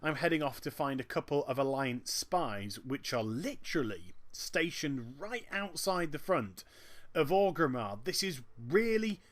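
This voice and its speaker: A man giving chatty, joking commentary over a video game. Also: on the high side. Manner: animated and chatty, with quick jokes. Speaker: gameplay commentator. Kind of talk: gameplay commentary.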